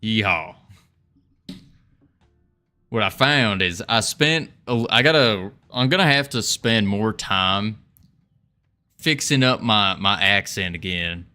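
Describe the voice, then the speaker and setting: A man's voice: lowish voice, unhurried, sharp tone, clean tone, soft background music. A man streaming his game development, chatting casually and reading chat aloud, chuckling often as he rambles. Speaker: game dev livestreamer.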